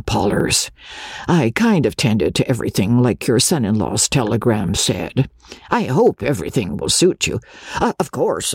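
Brief: woman doing an awkward, stammering small-town man for an audiobook; low, husky voice. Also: darkish tone, dry recording, studio quality, full character voice. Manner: hesitant, stammering, polite. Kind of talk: audiobook character voice.

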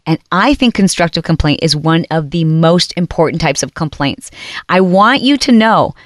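A woman hosting a talk show, telling a story in a casual monologue and acting out other people's lines in quick put-on voices. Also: on the low side, lively intonation, dry recording. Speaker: podcast host.

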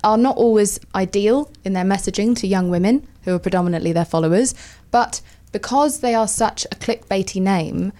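A woman's voice: mid-range voice, fairly quick, hardly any pauses, dark tone. Wry emphatic woman. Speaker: podcast guest. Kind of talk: casual chat.

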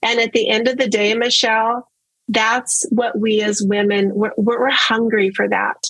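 An earnest guest speaks at normal speed about her personal life, relaxed and conversational, frequently doubling words to stress them. Her voice is a bit high with a husky quality, and the sound is close-miked and dry, without any room echo.

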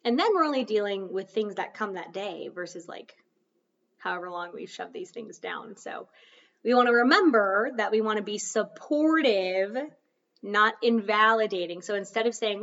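A woman's voice: mid-range voice, normal speed, a bit bright, far from the mic. Chatty woman podcast host, muffled sound. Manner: chatty, loses her train of thought and laughs it off. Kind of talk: casual self-help podcast talk.

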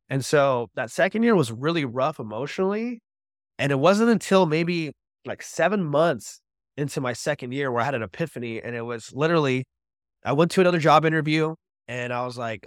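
A man's voice: mid-range voice, quick pace, dry recording, studio quality. Earnest man telling his recovery story. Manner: earnest, heartfelt storytelling with many "like" fillers. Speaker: podcast guest.

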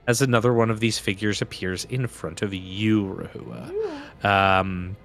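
A man narrating combat as game master in a tabletop game, in vivid, unhurried descriptions. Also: fairly low pitch, sing-song, fairly bright tone.

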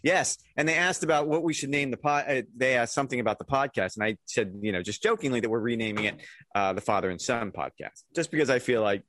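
A man's voice: mid-range voice, fast talker, a bit bright, a little hiss or hum. A man in his fifties co-hosting a casual podcast, easygoing and good-humored. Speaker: podcast co-host.

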